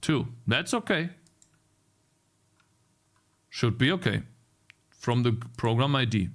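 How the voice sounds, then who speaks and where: Streaming his coding session, this young man sounds medium-pitched and animated, speaking slowly. He grumbles through bugs and chats with his viewers.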